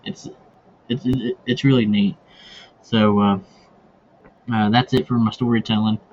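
A man's voice: lowish voice, flat delivery, a little slow, a little mellow. A man hosting a hunting podcast who tells casual stories, rambling with many fillers and restarts. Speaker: podcast host. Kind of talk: casual storytelling. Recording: dull lo-fi recording with faint ambient noise.

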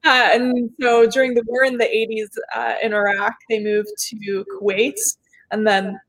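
A young woman with a Canadian accent, whose first language is Arabic, chatting as a guest on a video call, bubbly and quick to laugh. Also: on the high side, level tone, fairly bright tone, no room sound. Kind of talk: casual interview chat.

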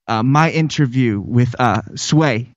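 A man's voice: medium pitch, slow pace, no room sound, close to an everyday voice. Impression: man doing a stammering, agitated talk-radio host, dull dry sound. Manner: stammering, yelling.

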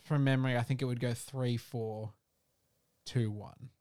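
A man's voice: mid-range voice, fairly even intonation, unhurried, a little mellow, clear, resonant tone, no echo. An Australian man speaking in a mid-range voice, dry and teasing in tone. The recording is close and dead, with no room sound. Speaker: podcast co-host. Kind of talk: casual chat.

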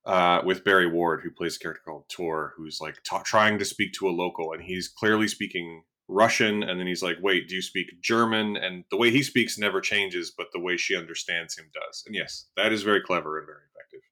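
A man's voice: deep voice, fairly quick, few pauses, pushed and bright. A man co-hosting a casual film review podcast, talking in a dry, weary way with many fillers and trailing remarks. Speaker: podcast co-host.

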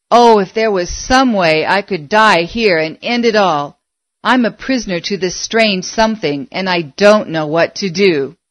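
A woman's voice: mid-range voice, no echo. A woman reading aloud voicing a shy teenage country boy who speaks sullenly and through tears, in a dry-sounding recording. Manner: sullen, tearful.

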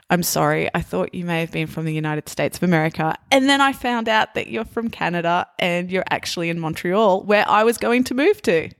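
A woman with a lightly Australian accent, interviewing a guest the way an English teacher would. She speaks in a lowish voice and explains things slowly and carefully, with pauses. The sound is dry and close. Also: fairly bright tone, dry recording. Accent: toned-down Australian. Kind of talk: casual interview chat.

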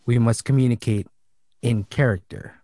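A man chatting casually as a podcast co-host, telling a story in an animated way and laughing often. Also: mid-range voice, moderate pace, no room sound. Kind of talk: casual chat.

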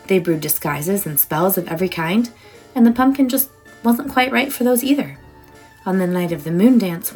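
A woman reading a children's storybook aloud in an expressive, warm way. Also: mid-range voice, low-quality recording. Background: soft music.

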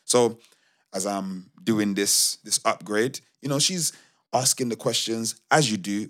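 Low-voiced man telling retail stories casually. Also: a little slow. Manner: animated, slangy, many restarts. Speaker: podcast co-host. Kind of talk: casual storytelling chat.

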